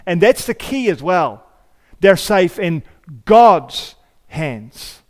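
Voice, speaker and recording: Higher-voiced male pastor preaching in a church. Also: big pitch swings, slow pace. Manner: conversational preaching, rhetorical questions, repeats phrases. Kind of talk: sermon. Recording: long hall reverb.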